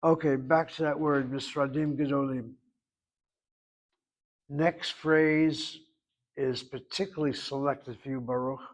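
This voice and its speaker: A man's voice: medium pitch, steady tone, measured pace, long pauses. A man teaching a Hebrew class, explaining word forms at length with digressions and drilling pronunciation. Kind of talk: classroom grammar lesson.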